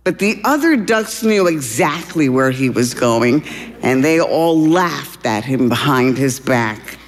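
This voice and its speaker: A woman actor narrating a children's story in an expressive, measured way. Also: rumbling low, in a large hall.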